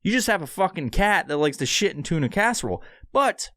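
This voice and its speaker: A man's voice: a little high, lively intonation, fast talker, fairly bright tone, no room sound, clean studio sound. Rambling, profane male podcast host. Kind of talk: solo podcast talk with ad read. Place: podcast studio.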